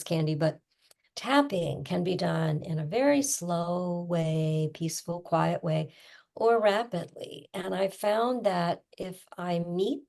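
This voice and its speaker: A middle-aged woman coach with a low voice and a gravelly edge. She talks casually and explains things through homey pictures and quick little asides. Her tone stays plain and conversational. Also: a little mellow.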